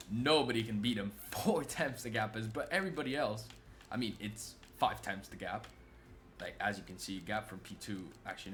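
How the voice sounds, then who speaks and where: A young man from Italy, an excitable race commentator on a live stream who swears freely and banters with chat. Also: on the low side. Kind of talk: live sim racing commentary. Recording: noisy stream audio.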